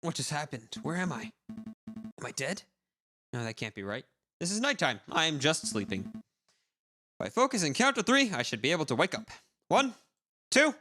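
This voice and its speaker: Lively man streamer, bright crude humour, faint music underneath. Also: a little high, brisk. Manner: crude, joking. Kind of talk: game let's play, reading characters.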